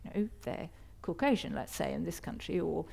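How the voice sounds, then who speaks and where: A woman's voice: deep voice, expressive, brisk, creaky, mellow, slightly rough. A woman hosting a panel discussion before an audience, asking academic, probing questions with hesitant restarts. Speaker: panel host.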